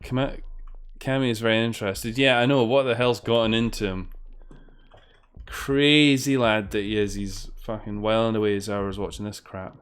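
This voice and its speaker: A man's voice: on the low side, steady tone, normal speed, smooth. A British man swearing freely and bantering sarcastically with his chat while he plays a game on stream. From Britain. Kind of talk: casual gameplay commentary.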